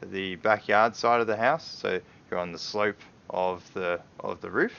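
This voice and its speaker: A man's voice: fairly low pitch, fairly even intonation, unhurried, gravelly, a bit bright. A man running a tabletop game as game master, narrating with rambling, hesitant phrasing. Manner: rambling, hesitant, many fillers. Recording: dull lo-fi stream audio.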